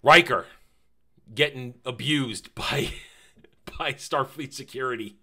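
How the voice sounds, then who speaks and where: Bright-voiced, emphatic man reviewing a show. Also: mid-range voice, takes it slowly. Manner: animated and emphatic, fond of repeating phrases; casual, with mild swearing. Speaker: TV series reviewer. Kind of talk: casual review commentary.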